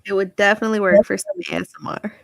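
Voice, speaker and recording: A woman's voice: mid-range voice, fairly even intonation, very fast, vocal fry, no echo, clean studio sound. A woman on a dating show, answering bluntly and frankly in casual chat.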